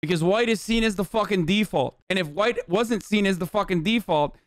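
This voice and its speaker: A man's voice: sits high, brisk, dry recording, clean studio sound. A man in his thirties commenting bluntly and with plenty of profanity while reacting to a clip on a live stream.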